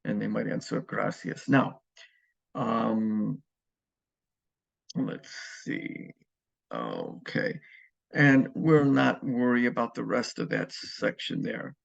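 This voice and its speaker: A man teaching a Spanish lesson in a relaxed, explanatory way, pausing often with ums and uhs. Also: mid-range voice, vocal fry. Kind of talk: recorded classroom lecture. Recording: muffled lo-fi recording.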